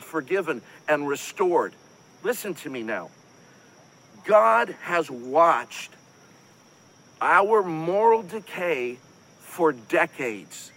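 A man's voice: high voice, sharp tone, slight background noise, rough recording. A man preaching a sermon in an impassioned, pleading way, often calling on his listeners to listen. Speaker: pastor.

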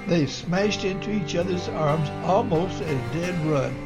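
A man's voice: on the high side, measured pace. A man narrating a storybook tale in an earnest, homespun reading voice with small slips. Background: music.

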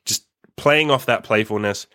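Frank, low-voiced male podcast host. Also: normal speed, bright, forceful tone, no echo, clean studio sound. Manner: frank and blunt, casual with many "like" fillers. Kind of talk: casual advice monologue.

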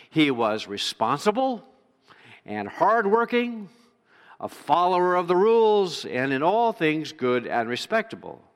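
A man preaching a sermon, reading scripture and then acting out a character's grumbling in an animated way. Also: high voice. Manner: animated, acts out the brother's grumbling. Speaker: pastor. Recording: reverberant hall.

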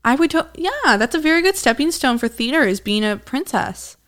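Playful young woman, a touch high. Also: big pitch swings, fairly quick, fairly bright tone, no echo, clean studio sound. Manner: playful, breaks into sung bits and acted-out scenes. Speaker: daughter and co-host. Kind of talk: casual chat.

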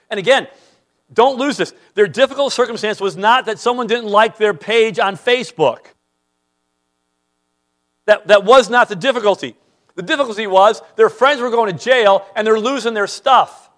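A man preaching a sermon as pastor, emphatic, repeating words as he starts sentences and swinging between loud and quiet. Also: high-pitched, moderate pace.

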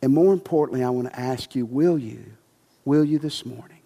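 A male pastor preaching a sermon, emphatic and passionate at times, then quiet and soft. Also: medium pitch, a little fast, vocal fry, in a large hall. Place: church sanctuary.

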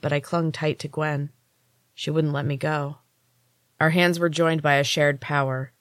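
A woman podcast host narrating a first-person story in a measured storybook reading. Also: low-pitched, dry recording, studio quality.

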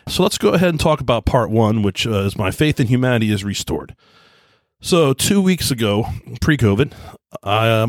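A man's voice: mid-range voice, no room sound, studio quality. A man telling a long story casually on his own show, rambling and earnest, often repeating himself. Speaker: podcast host.

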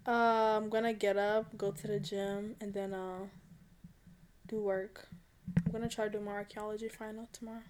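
A woman's voice: mid-range voice, little pitch movement, normal speed, noisy background. A young woman in casual chat with a friend, chatty and laughing often, full of fillers. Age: young adult.

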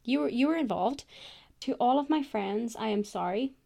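A woman's voice: fairly high pitch, lively intonation, moderate pace, gravelly, mellow. Chatty woman podcaster. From Ireland. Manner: chatty, candid and self-mocking, with some swearing. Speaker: podcast host. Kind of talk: casual solo chat.

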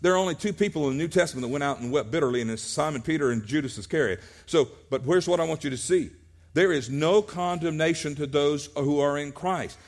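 A man's voice: fairly high pitch, fast. A male pastor preaching a sermon at a church service, earnest, often restarting his words.

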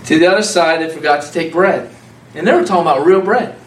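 Male preacher, a bit high-voiced, animated and conversational, recorded from afar in a roomy hall with faint background hiss. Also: fast talker. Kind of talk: sermon. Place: church hall with a congregation. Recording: echoey room, speaker far from mic, faint background noise.

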